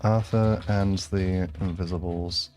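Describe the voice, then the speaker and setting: A man's voice: low voice, fairly even intonation, slow pace, warm tone. A man with an English accent chatting casually with his live-stream audience while playing, rambling with lots of fillers and restarts. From England. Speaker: game streamer.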